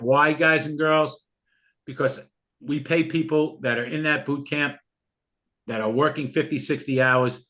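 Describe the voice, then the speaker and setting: Earnest man pitching a course. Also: pushed and bright. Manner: emotional, earnest, repetitive. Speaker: trading educator. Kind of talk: live sales pitch for a course.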